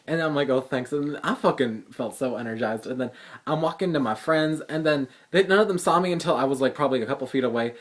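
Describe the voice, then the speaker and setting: A teenage boy telling a story to his phone camera in a fast, profane, sassy ramble full of fillers. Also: mid-range voice. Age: teens. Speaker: vlogger. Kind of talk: casual storytelling vlog.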